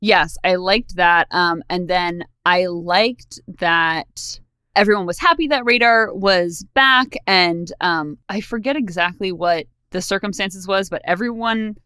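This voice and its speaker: A woman's voice: fairly low pitch, measured pace, smooth, dry recording. A woman co-hosting a podcast, chatting casually about a TV episode with frequent giggles. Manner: giggly, relaxed, trails off with fillers. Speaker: podcast co-host. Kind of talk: casual chat recapping a TV episode.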